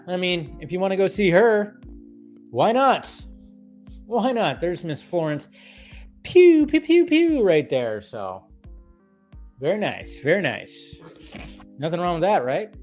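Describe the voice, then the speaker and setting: A man's voice: on the high side, darkish tone. A man hosting a live stream, chatting casually about movies, rambling with many fillers and repeated phrases. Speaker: livestream host.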